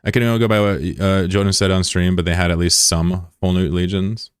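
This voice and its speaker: A man's voice: low voice, little pitch movement, fairly quick, clean tone, no room sound, clean studio sound. A man streaming live, chatting casually with viewers in a rambling, self-deprecating way. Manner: rambling and self-deprecating, reads chat aloud. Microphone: broadcast mic with voice filter.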